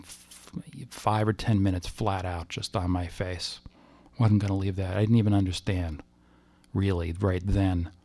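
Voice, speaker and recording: A man recounting a personal experience as testimony, halting and emotional, with frequent restarts. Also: low-pitched, creaky, a little mellow. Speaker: storyteller.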